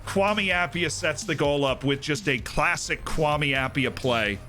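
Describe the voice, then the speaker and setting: A young man doing excitable live commentary while streaming a game, jokey and quick to shout and cheer. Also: a little high, soft background music.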